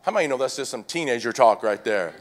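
A man preaching a sermon to his church, calling out to the congregation and swinging between shouted declarations and quieter teaching. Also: medium pitch, expressive, very fast. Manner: calls out to the congregation. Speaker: pastor.

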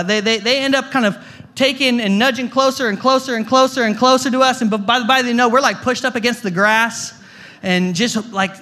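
A man's voice: very high voice, pushed and bright. A young adult man preaching a storytelling sermon as a guest pastor, talking conversationally with jokey asides and stumbling through lots of repeated words. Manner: stammering restarts, repeats words.

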